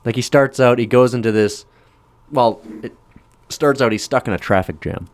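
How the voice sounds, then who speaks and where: A man casually chatting on a podcast, telling a film's plot with lively acted-out lines. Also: medium pitch, moderate pace, no echo. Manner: animated storytelling, acting out film scenes in raised voices. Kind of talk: casual chat.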